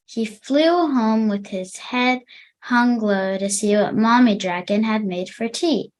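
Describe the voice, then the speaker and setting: A young woman teaching English to children, reading a storybook aloud and pausing to explain words. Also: a little high.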